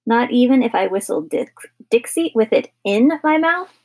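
A bouncy, high, loud little boy of ten, as a woman reading a storybook puts him on, eager and cheerful, always pestering to show off his next trick. The voice is gravelly and husky underneath. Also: lively intonation, moderate pace.

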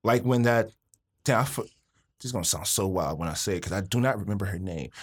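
A man co-hosting a podcast in casual chat, opinionated and animated, full of slang and repeated words when he gets going. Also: lowish voice, brisk, breathy edge. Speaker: podcast co-host.

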